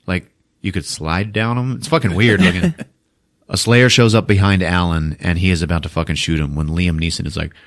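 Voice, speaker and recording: A man's voice: low voice, fairly even intonation, brisk. A man hosting a podcast, retelling a film in a casual, profane way and laughing often, recorded on a podcast microphone. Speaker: podcast host. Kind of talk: comic film recap.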